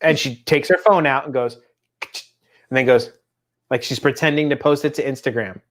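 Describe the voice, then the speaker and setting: A man in his thirties co-hosting a casual chat show, telling animated family stories and slipping into quick impressions. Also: medium pitch. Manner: chatty, animated storytelling with voiced impressions. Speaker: podcast co-host.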